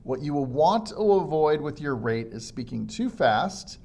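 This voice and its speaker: Gravelly-voiced man teaching public speaking. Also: very animated, unhurried, a little mellow. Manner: demonstrates faults by mimicking them, varied pitch and pace. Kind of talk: instructional lecture on public speaking.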